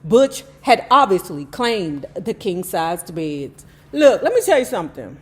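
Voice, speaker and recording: A YouTube host reads a memoir aloud to her viewers, breaking off for blunt, profane commentary and animated asides. Her voice is lowish and her pace a little slow.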